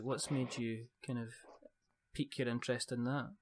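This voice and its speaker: A man's voice: medium pitch, flat delivery, moderate pace, pauses often. A man hosting a casual podcast, joking and rambling with many fillers. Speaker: podcast host.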